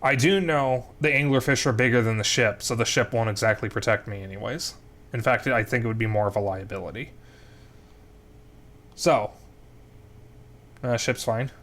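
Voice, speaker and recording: A young man talks through a game as he plays, thinking aloud as he recaps the story and plans his next steps. His voice sits at a middle pitch, with a casual streamer's delivery. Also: normal speed, pauses often, fairly bright tone. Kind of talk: gameplay commentary.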